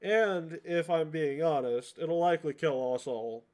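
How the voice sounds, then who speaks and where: A man plays a determined adventurer in a tabletop game, blunt and impatient. The voice is his own, a little higher than most men's. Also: a little slow, a little mellow, lightly acted.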